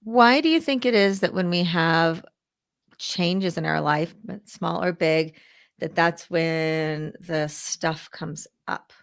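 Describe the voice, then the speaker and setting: A woman co-hosting a relaxed talk show, with a voice that sits slightly low. She is warm and encouraging and drags out some phrases as she thinks. Her talk is casual, with restarts along the way. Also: takes it slowly, gravelly, smooth. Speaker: podcast co-host. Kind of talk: casual chat.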